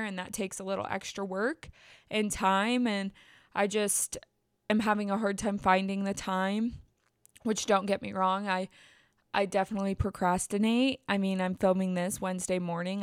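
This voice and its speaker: Candid young woman with a clear, dry voice. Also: mid-range voice, no echo. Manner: candid, rambling, self-deprecating with frequent restarts. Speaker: podcast host. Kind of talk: casual solo podcast chat. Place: indoors at home at her computer.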